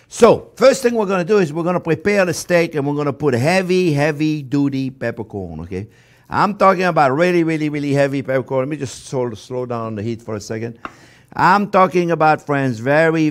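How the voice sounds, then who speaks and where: An older man with a fairly high voice hosts a cooking show as chef, demonstrating a recipe. He's animated and emphatic, repeating words for stress and calling his viewers friends.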